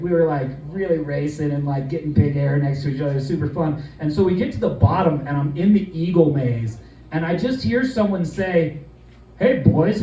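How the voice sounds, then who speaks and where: Mellow-voiced man telling a profane comic story. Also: a little high, roomy sound, recorded from a distance, a little hiss or hum, rough recording. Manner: loose, profane, rambling with many fillers. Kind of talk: comedic storytelling monologue.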